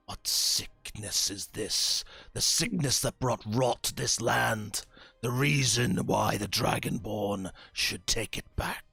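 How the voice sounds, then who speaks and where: A man voicing a menacing male warlord who commands witches and soldiers, speaking slowly in cold half-whispers. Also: lowish voice, creaky, pushed and bright, breathy edge, dry recording, faint music behind, full character voice.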